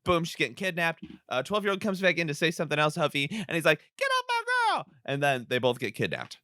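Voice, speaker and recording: A man co-hosting a podcast, recapping a movie in casual chat and telling it in an animated way. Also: a little high, fast talker, no echo, studio quality. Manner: animated storyteller, jumps into silly voices. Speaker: podcast co-host.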